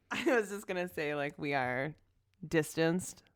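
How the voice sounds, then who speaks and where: A woman's voice: sits low, lively intonation, slow pace, no echo. A woman co-hosting a podcast in casual chat, with dry, wry remarks. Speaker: podcast co-host.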